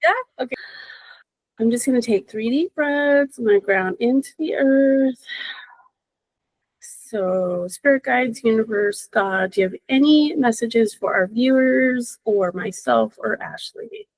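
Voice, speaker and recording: A woman intuitive reader in casual podcast chat, expressive and encouraging, laughing often. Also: a little high, measured pace, no room sound, low-quality recording.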